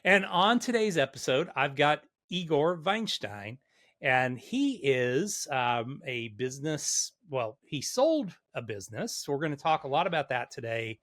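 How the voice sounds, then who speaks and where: A man's voice: a little high, big pitch swings, unhurried, a bit bright. A man hosting a podcast, introducing his guest and joking in friendly, casual banter. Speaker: podcast host. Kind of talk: casual interview chat.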